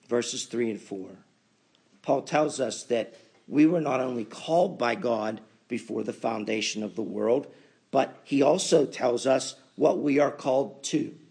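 A man preaching a sermon as pastor, building to emphatic loud peaks and then dropping to quiet asides. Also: mid-range voice, slow, creaky, breathy edge.

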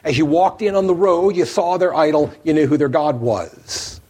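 A man preaching a sermon, telling the story with animated emphasis, his voice rising as he drives points home. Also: on the high side, moderate pace, husky. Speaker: pastor.

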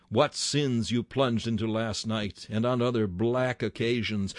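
A man's voice: on the low side, measured pace, few pauses, no echo. A man preaching a sermon with fervent delivery, his voice rising sharply on key words.

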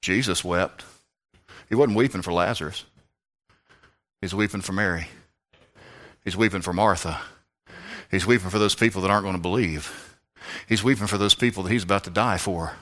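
A man's voice: low voice, moderate pace, long pauses. Fervent preacher man. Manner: fervent, swings from shouts to hushed tones. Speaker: pastor. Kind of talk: sermon.

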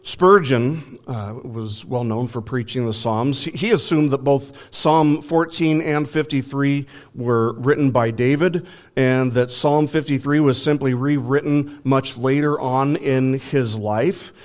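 In an unhurried, medium-pitched voice with a darkish tone, a male pastor delivers a sermon conversationally, often using fillers and starting his sentences over.

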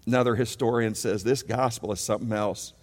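Male pastor mid-sermon, lively call-and-response delivery, long hall reverb. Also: lowish voice, fairly quick. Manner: animated preaching, leads congregation call-and-response.

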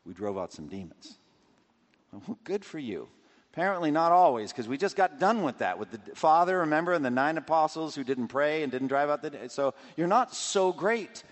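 A man's voice: a little high, animated, fairly quick, in a large hall. A man preaching a sermon, walking through scripture and acting out quotes and everyday scenes. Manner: expository, acts out scripture quotes and scenarios.

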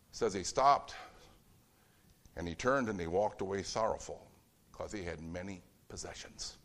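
A man's voice: on the low side, normal speed, a bit bright. Man preaching a conversational sermon. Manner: conversational, acts out dialogue with shifting voices. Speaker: pastor.

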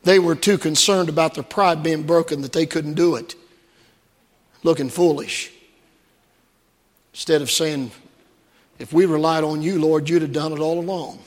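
A man's voice: a little high, fairly even intonation, moderate pace, long pauses, big-room sound. A man preaching a sermon to his congregation, earnest and repetitive, asking them direct questions. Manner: earnest, repeats phrases, rhetorical questions to the congregation. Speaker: pastor. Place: church.

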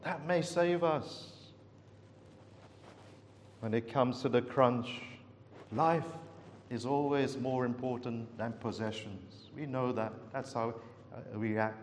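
A man's voice: mid-range voice, fairly even intonation, a little slow, a little hiss or hum. Earnest preacher man in a reverberant hall. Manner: earnest, dramatic storytelling with big swings. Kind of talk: sermon.

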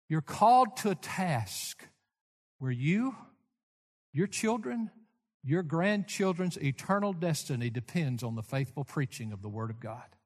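An older man preaching a sermon as pastor, telling folksy stories and swinging from loud emphasis to hushed asides. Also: fairly high pitch. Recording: echoey church hall.

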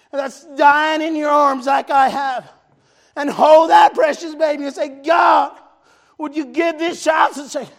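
High gravelly shouting preacher man. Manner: fervent, shouting, repeats refrains. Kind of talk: shouted revival sermon.

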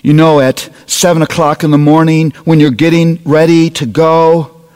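A man's voice: a little high, flat delivery, moderate pace, darkish tone, clear, resonant tone. A middle-aged man preaching a sermon, speaking earnestly and appealing directly to his listeners. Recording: long reverb of a large hall.

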